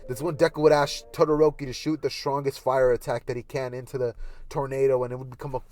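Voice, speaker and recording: A man's voice: medium pitch, little pitch movement, fast talker, darkish tone, no echo, soft background music. Man narrating an anime fan scenario. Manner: rambling, repetitive hypothetical narration with fillers. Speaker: YouTuber. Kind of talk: casual fan-fiction storytelling.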